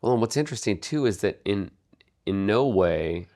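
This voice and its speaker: A man co-hosting a podcast, speaking in a measured, halting way about poetry and pausing often to find his words. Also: fairly low pitch, expressive, dark tone. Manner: measured, halting, with many pauses and fillers. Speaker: podcast co-host. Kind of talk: casual literary discussion.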